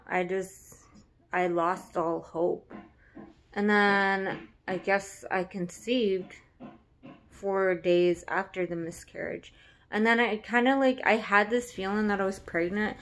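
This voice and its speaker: A woman's voice: medium pitch, slight background noise. A young woman talking candidly and rambling with lots of fillers in a casual vlog. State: pregnant. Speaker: vlogger.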